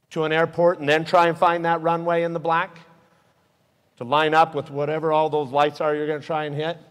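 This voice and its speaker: A man giving an earnest, emotional aviation safety talk to a live audience, telling stories. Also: a little high. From Utah. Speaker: guest speaker. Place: hangar event space. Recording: echoey hall with long reverb.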